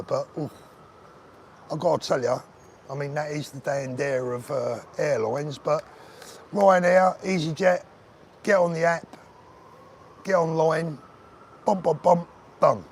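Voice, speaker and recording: A chatty man with a slightly high voice, talking casually into a phone as he walks outside. Faint street sounds and passing cars sit behind him, and he keeps up a relaxed, bantering chat with viewers. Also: unhurried, pauses often, a little hiss or hum. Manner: chatty, banter-filled, answers viewers by name. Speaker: vlogger host reading live chat. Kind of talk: casual live-stream chat while walking. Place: outdoors on a street.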